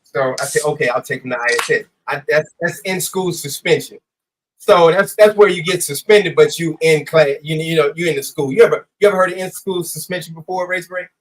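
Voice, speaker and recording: Animated storytelling former coach. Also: male voice, a little high, fairly quick, slight background noise, poor audio. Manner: animated, acts out dialogue, swears freely. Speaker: guest, former high school baseball coach. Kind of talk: casual storytelling in a live interview.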